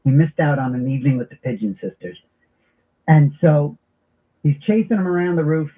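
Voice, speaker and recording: A middle-aged man hosting a talk radio show, telling stories in an animated, comic way. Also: a little high, normal speed. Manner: animated storyteller with comic impressions. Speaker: radio host. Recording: tinny phone-like broadcast audio.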